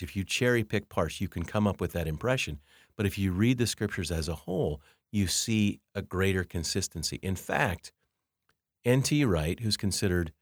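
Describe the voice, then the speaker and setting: Low-voiced guy teaching a bible lesson, emphatic, reads verses out, dry close sound. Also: dry recording. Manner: emphatic, reads scripture and quotes aloud. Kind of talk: theology lecture.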